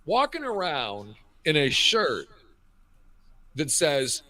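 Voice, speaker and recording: A man in his fifties co-hosts a talk show, his voice a little high and unhurried, with no room sound audible. Chatting casually over a cheap headset, he tells crude stories and jokes with animated flair.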